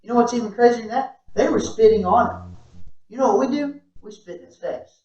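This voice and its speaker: A man's voice: very high voice, a little fast, mellow. A male pastor preaching a conversational sermon to a small church audience, often checking in with "right?" and asking rhetorical questions. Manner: casual, repeats "right?", asks rhetorical questions. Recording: roomy, distant, dull-sounding church recording.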